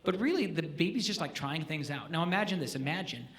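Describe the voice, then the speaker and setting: Man clinician, bright edgy voice, a bit high, playful with students in a school hall. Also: fast talker. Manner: animated, joking, asks the audience questions. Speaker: jazz clinician. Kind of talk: live music clinic teaching students. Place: school auditorium.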